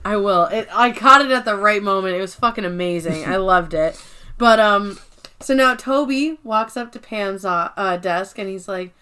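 A woman's voice: mid-range voice, moderate pace, pushed and bright, smooth. A woman co-hosting a podcast, retelling scenes in casual chat and acting out the characters' lines, swearing freely. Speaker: podcast co-host.

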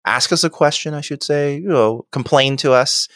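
A man hosting a casual podcast, chatty and quick to laugh, reading out listener mail. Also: a little high, no echo, studio quality. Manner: lively, laughs often, reads listener mail aloud. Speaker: podcast host.

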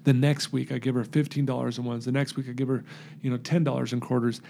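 Gravelly-voiced man telling his story. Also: mid-range voice, fast talker, slight background noise. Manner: earnest, animated storyteller acting out quotes. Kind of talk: personal storytelling interview.

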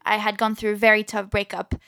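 A woman's voice: medium pitch, completely flat delivery, fairly quick, bright, forceful tone, clean tone. A woman with an odd French-American accent, chatting as a guest and giggling easily. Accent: slightly odd French-American mix. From France. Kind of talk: casual chat.

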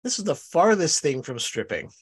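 A man with a fairly high voice, guesting on a podcast. He chats in a playful, easygoing way, laughing often and agreeing eagerly with the host. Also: sing-song, moderate pace, breathy edge. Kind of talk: casual podcast chat.

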